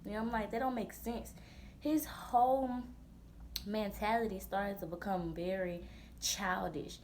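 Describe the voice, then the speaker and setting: A woman in her twenties, a vlogger telling a storytime in a blunt, profane, animated way full of slang. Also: mid-range voice, a little slow, slight background noise. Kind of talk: storytime vlog.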